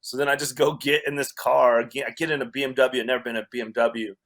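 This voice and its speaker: A man's voice: mid-range voice, fairly even intonation, fast talker, a bit bright. A man from Wyoming, a comedian guest, casually telling a story with restarts and laughter. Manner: rambling, self-interrupting, laughs through the story.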